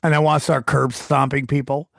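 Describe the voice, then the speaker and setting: A man's voice: medium pitch, level tone, brisk, gravelly, fairly bright tone. A middle-aged man hosting a casual podcast chat, talking bluntly with plenty of swearing and many restarts. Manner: blunt, profane, rambling with restarts. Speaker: podcast host.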